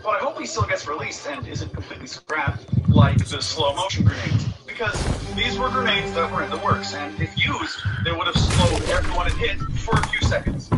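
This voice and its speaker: Lively high-voiced man narrating a gaming video. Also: a little fast, hardly any pauses. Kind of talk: scripted narration. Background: loud background music.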